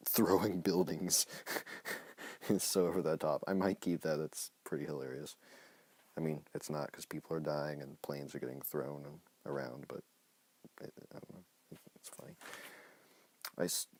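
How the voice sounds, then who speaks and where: Deep-voiced man joking through a reading. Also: a little mellow, no room sound. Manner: jokey, self-mocking asides. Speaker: reader of his own comic. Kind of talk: casual live-stream reading with commentary. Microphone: phone live stream.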